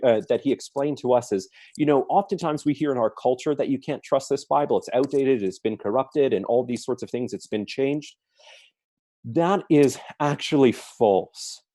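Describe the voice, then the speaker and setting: A man's voice: mid-range voice, warm tone, dry recording. A man giving an earnest apologetics talk at a church forum, listing his points one by one with emphasis. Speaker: apologetics speaker. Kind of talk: forum talk answering questions.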